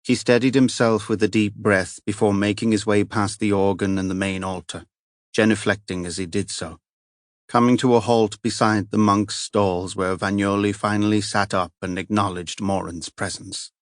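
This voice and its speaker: A man reads a crime novel aloud in a steady, measured way. His voice is on the low side and sounds dry and close to the mic, with no room around it. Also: no echo. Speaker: audiobook narrator. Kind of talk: scripted narration.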